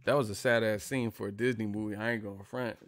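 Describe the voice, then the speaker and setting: A man's voice: lowish voice, fairly even intonation, fast talker, no room sound, clean studio sound. A man hosting a casual live stream, rambling and swearing freely and laughing often.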